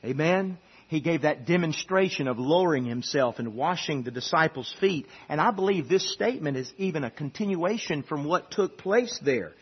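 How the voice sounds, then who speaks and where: Pastor, male, husky high voice, chatty sermon building to loud emphasis, dull lo-fi recording. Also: lively intonation, normal speed. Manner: conversational preaching, rising to emphatic peaks.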